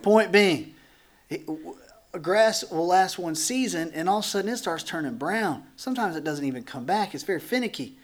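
A pastor with a high-sitting voice, speaking at normal speed, teaches scripture to his congregation in an easygoing, conversational manner. Lively and animated, he drops into small acted voices and swaps jokes with the crowd.

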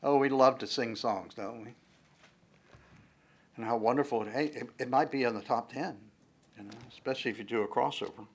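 A man's voice: mid-range voice, brisk, long pauses, breathy edge. A man preaching a conversational sermon, joking along the way, with frequent fillers and restarts.

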